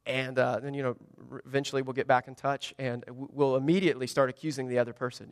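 A man preaching a sermon as a pastor, animated, with wide swings in pitch and volume. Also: fast talker, dry recording, studio quality, big-room sound. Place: church sanctuary.

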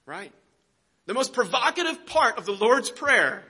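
A man's voice: extremely high pitch, very animated, a little slow, sharp tone, breathy edge. A man preaching a sermon, emphatic, asking rhetorical questions and often repeating words as he builds a point. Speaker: pastor.

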